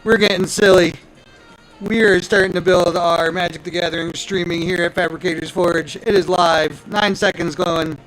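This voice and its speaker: A man's voice: high voice, steady tone, moderate pace, few pauses, a bit bright, soft background music, poor audio. A man hosting a live card-opening stream, hyped and playful, talking straight to his viewers. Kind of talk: excited live stream chatter.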